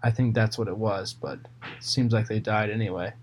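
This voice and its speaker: A man's voice: on the low side, fairly even intonation, moderate pace. Man casually reading and retelling scripture. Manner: reads a passage then retells it in plain words, with fillers. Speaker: Bible reader. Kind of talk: casual Bible reading and reflection.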